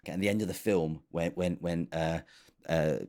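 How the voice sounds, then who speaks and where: Very low-voiced sarcastic man. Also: steady tone, normal speed, a little mellow. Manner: sarcastic, rambling with fillers and restarts. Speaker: comedy show host. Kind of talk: casual comic commentary.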